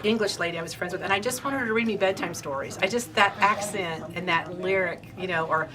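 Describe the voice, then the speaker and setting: A woman's voice: medium pitch, fast talker, crowd noise. A woman from Indiana hosting a casual shop update, chatty and rambling, laughing easily. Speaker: quilt shop owner and host.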